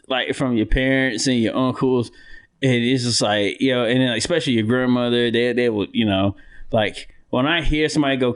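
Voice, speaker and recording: A man co-hosting a podcast in casual chat, rambling and profane, with many restarts. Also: medium pitch. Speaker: podcast co-host.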